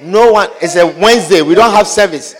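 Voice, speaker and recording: A man's voice: high voice, a little fast. A pastor preaching a sermon. He repeats key phrases for emphasis and keeps asking the congregation whether they understand.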